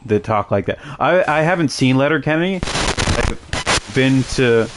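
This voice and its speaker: A man's voice: medium pitch, lively intonation, a little slow, heavy background noise. A man streaming a game, chatting casually with many fillers and restarts. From Canada. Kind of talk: casual gaming chat.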